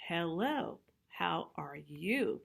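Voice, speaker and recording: A woman's voice: on the low side, big pitch swings, gravelly, husky, pitched below the performer's own voice, heavily acted. A friendly hand puppet, voiced by a woman. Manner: slow, syllable-by-syllable greetings.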